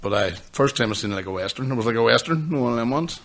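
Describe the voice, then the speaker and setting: Man, husky gravelly voice, casual sweary podcast chat. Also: medium pitch, expressive, fast, a bit bright. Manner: swears freely, laughs through stories. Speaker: podcast co-host.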